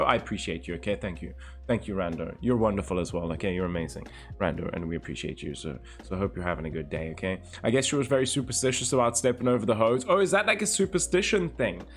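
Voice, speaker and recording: A man's voice: mid-range voice, gravelly, fairly bright tone. A man livestreaming in a casual, laid-back way, greeting viewers by name and reading chat aloud.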